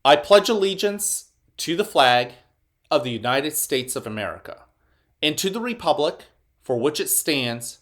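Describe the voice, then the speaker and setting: A male school principal talking to young students over morning announcements. His voice sits at an ordinary, middle pitch. He moves between gentle, unhurried breathing guidance and cheerful encouragement. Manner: calm, slow guiding voice during breathing; upbeat, encouraging address to children.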